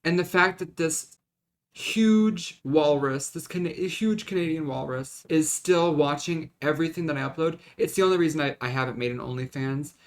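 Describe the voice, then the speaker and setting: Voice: medium pitch, normal speed. Rambling, dramatic vlogger. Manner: rambling, dramatic, self-mocking. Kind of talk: casual to-camera vlog rant.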